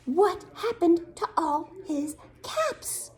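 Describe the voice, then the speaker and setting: A woman teacher reading a children's story aloud, expressive and asking the young listeners questions. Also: sits high, measured pace, slight background noise.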